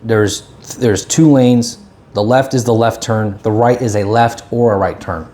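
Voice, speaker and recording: A podcast co-host, a man with a mellow, fairly low voice, tells stories at a measured pace in casual chat, animatedly acting out quotes. He's in an indoor podcast room, and there's a little hiss or hum.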